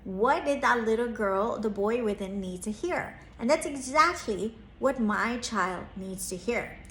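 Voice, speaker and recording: With a slightly high, expressive, fairly bright voice, a woman in her thirties tells a personal story at a measured pace. She's a therapist and parenting coach, earnest and reflective, and she lifts her voice for quoted lines. The sound is roomy.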